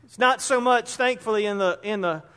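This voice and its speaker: A man's voice: high-pitched, moderate pace, a bit bright, clean tone. A man preaching a conversational sermon as pastor, acting out everyday examples to make his points. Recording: long hall reverb.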